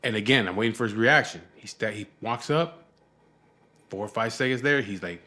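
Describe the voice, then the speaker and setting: Male vlogger, lowish voice, rambling and profane, exasperated casual storytelling. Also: a little fast, sharp tone.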